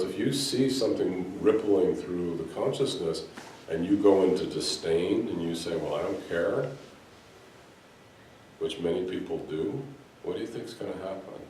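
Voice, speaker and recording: A Sufi teacher addresses an audience in a hall with an earnest spiritual talk, his storytelling full of restarts. His low, warm voice comes through with slight background noise, distant and echoey.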